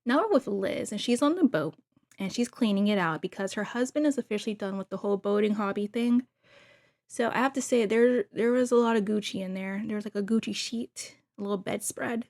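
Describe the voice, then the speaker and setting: Casual female recap host, middle pitch, gossipy and gushing, talks straight to her viewers. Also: a little fast, darkish tone. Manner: chatty, gushing asides to viewers.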